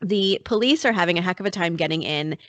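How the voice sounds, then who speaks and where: A woman from North Carolina hosts a true-crime podcast, telling the story in a chatty, casual way packed with fillers like "like" and "you know." Her voice is on the low side and fast, with no room sound.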